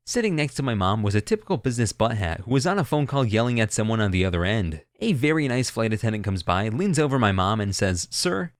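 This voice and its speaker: A man reading stories as scripted narration, his voice at a mid pitch. He reads with a lot of rise and fall. The sound is dry and close, with no room around it. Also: no echo. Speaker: story narrator.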